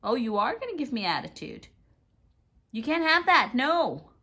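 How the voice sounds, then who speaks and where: A woman talks to her pet bird at home in a bright, lively voice that swoops from high to low. She coaxes, teases and scolds it gently in doting baby talk. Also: moderate pace, slightly rough. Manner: playful sing-song scolding, coaxing baby talk. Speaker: pet owner filming her parrot. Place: home indoors, by a fireplace.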